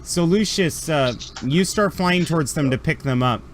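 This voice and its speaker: A man running a tabletop role-playing game as game master, narrating scenes and reacting to players with animated energy. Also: moderate pace, a little hiss or hum. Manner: animated, laughing, jumps into high character shouts.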